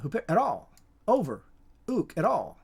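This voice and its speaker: Halting, repetitive informal Bible teacher. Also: medium pitch, huge pitch swings, vocal fry, darkish tone, breathy edge. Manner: halting and repetitive, with frequent restarts and emphatic repetition.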